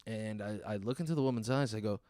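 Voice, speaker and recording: Man, lowish voice, sarcastic storyteller, exasperated, dry close sound. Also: quick pace, warm tone, no echo. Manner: exasperated, sarcastic retelling with acted-out quotes. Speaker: comedian telling a story. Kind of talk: stand-up storytelling.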